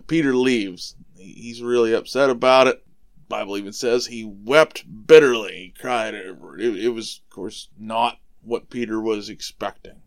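A man hosting a podcast, casually retelling a Bible story for children, relaxed and conversational, explaining things simply. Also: medium pitch. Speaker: podcast host retelling Bible stories for kids.

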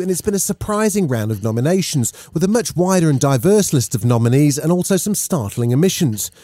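A man hosts a daily news podcast, reading his script with a lively, lightly wry touch. His voice swings up and down a lot over a mellow, soft-edged tone. The sound is close and dry, with no room around it. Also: a little high, no room sound.

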